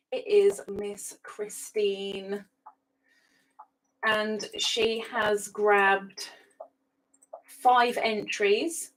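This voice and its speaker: A woman's voice: medium pitch, fairly even intonation, very slow, long pauses, fairly bright tone, rough recording. A woman hosting a live stream from her home computer setup, chatting casually, often repeating herself and laughing. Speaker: livestream host.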